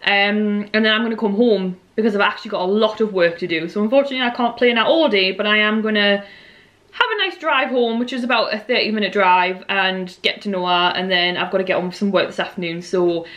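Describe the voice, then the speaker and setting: A young woman vlogger talks to camera at a fast pace in a medium-pitched, fairly bright voice. She rambles with fillers, and her voice sounds a little worn, as if she's slightly losing it.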